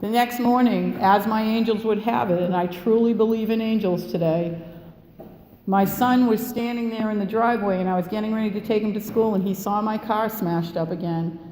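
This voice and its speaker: A woman's voice: mid-range voice, fairly even intonation, normal speed, mellow. A woman around sixty tells her recovery story to a live audience, blunt and profane, laughing between lines. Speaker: recovery meeting speaker. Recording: echoey hall with long reverb, faint room hum.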